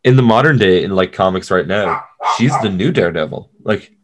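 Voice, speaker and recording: Man, low voice, casual film podcast chat, rambling, swears often, jokey. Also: lively intonation, brisk, heavy background noise. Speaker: podcast co-host.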